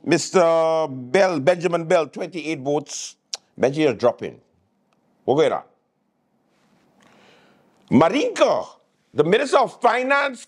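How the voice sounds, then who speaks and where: A man hosting a late-night show, teasing people in a comic monologue. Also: on the high side. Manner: teasing, joking.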